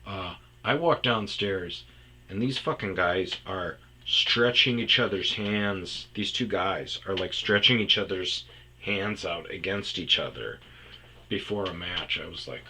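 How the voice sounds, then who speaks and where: A man's voice: deep voice, unhurried, pushed and bright, slight background noise, poor audio. A man telling rambling, profane comedic stories about his past on a podcast. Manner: rambling, profane, slips into impressions. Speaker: podcast storyteller. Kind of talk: casual comedic storytelling.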